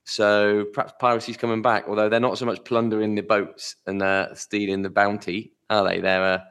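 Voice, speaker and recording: A man co-hosting a podcast in casual chat, rambling and trailing off quietly at the ends of phrases. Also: lowish voice, level tone, fairly quick, clean tone. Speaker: podcast co-host.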